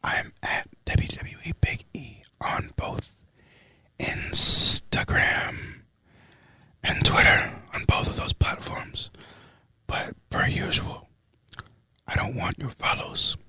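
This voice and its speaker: A podcast co-host whispering in ASMR style, reading slowly and deadpan into a close mic. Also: male voice, medium pitch, breathy edge, no echo.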